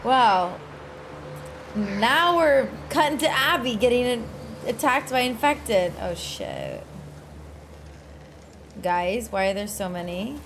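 A woman streamer reacting out loud to her gameplay, exclaiming in panic and talking to her viewers. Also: on the high side, animated, takes it slowly, long pauses, slight background noise. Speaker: video game streamer. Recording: loud game music behind. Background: game music and sounds.

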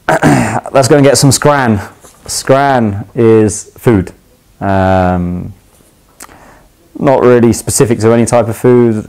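A young man with a London accent, a footballer, casually explaining slang in a chatty, easygoing way with lots of ums and quick laughs. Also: fairly low pitch, clean tone, poor audio. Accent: London English. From England. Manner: relaxed, chatty, laughs easily, many ums and restarts.

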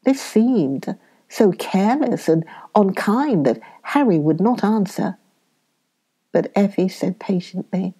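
A woman reading a children's story aloud, slow and gentle. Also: medium pitch, animated, slightly rough.

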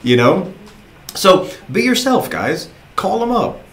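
A man's voice: high voice, big pitch swings, takes it slowly, a bit bright. Man coaching recruits in a roomy space. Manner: casual, encouraging, repeats himself. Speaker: sales recruiter trainer. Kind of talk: motivational training talk.

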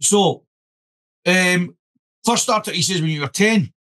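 Scottish guy hosting a podcast, pretty high voice, animated, keeps saying listen. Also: a little slow. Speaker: podcast host. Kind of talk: casual podcast chat.

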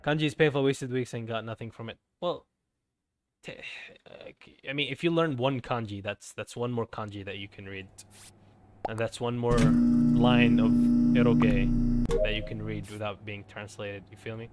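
A man's voice: lowish voice, steady tone, moderate pace. A young man casually chatting with his viewers while playing a game, rambling and self-deprecating. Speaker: streamer. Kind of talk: casual game stream chat.

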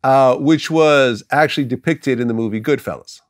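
A man's voice: mid-range voice, normal speed, no echo, studio quality. A man interviewing a guest, with short, agreeable prompts and questions.

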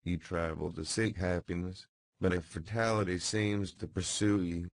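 A man's voice: low voice, little pitch movement, moderate pace, vocal fry, no room sound. A man reading as a mournful aging father. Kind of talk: audiobook character reading.

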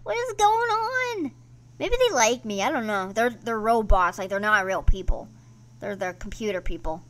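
A woman hosting her gaming channel, giving casual let's-play commentary in an excitable, playfully grumbling way. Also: mid-range voice, moderate pace.

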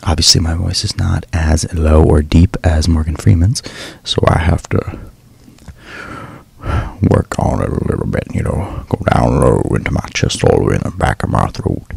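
New Jersey voice actor, soft ASMR whisper, low and raspy. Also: male voice, no room sound. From New Jersey, USA. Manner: soft, relaxed, with fillers.

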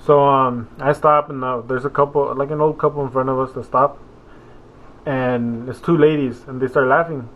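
A man's voice: medium pitch, steady tone, moderate pace, a bit bright. A young man chats loosely to his viewers, wandering between topics with plenty of ums and restarts. His voice sits in an ordinary middle register. The sound is narrow and tinny, as though it came down a phone line. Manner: meandering, full of fillers and self-corrections. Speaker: vlogger. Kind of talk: rambling casual vlog.

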